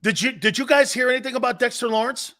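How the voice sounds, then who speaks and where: A man's voice: very high voice, fast, sharp tone. A middle-aged man hosting a live sports talk show, brash and opinionated, mocking pundits and laughing at his own points.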